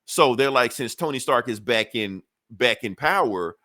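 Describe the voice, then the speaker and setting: A man's voice: mid-range voice, animated, moderate pace, sharp tone, no room sound, studio quality. A man on a podcast casually retelling a comic book story, acting out the characters' lines with profane, laid-back slang. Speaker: podcast co-host.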